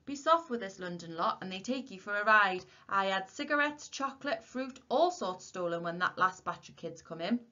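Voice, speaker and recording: A woman's voice: mid-range voice, expressive, moderate pace, hardly any pauses, pushed and bright. A woman voicing a blunt, suspicious middle-aged male shopkeeper. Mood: gruff angry. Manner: blunt, brusque. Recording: dull lo-fi recording.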